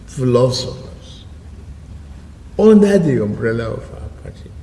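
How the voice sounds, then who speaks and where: A man, a politician, giving a slow, deliberate public speech. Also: fairly high pitch, a little mellow, a little hiss or hum. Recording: echoey hall, distant mic.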